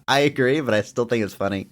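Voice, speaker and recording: A young man co-hosting a casual podcast, reviewing a film with lots of laughing and excited jumps in pitch. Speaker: podcast co-host. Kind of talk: casual movie review chat.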